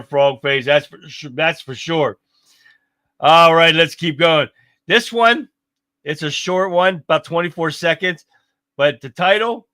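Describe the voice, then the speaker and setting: Here the livestream host sounds a little high-pitched, pushed and bright, with no room sound at all. He offers casual, folksy commentary on clips, exclaiming often and addressing his viewers.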